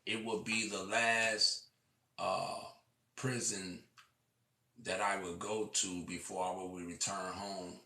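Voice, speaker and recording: Passionate male storyteller, rough-edged and repetitive, distant in an echoing room. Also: low-pitched, level tone, slow pace. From Illinois. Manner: impassioned, swings from shouting to quiet; profane, repeats himself. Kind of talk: preaching monologue. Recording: echoey room, far from mic.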